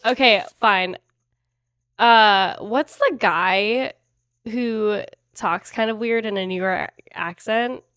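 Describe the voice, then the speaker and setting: A woman's voice: medium pitch, takes it slowly, a bit bright, clean tone, dry recording, clean studio sound. Laid-back woman podcast guest. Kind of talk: casual chat between friends. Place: apartment.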